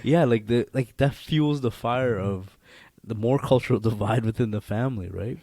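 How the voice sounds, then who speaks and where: A man co-hosting a podcast in casual chat, with an animated, eager manner and quick agreeing interjections. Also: medium pitch, no echo. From Guyana heritage. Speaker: podcast co-host.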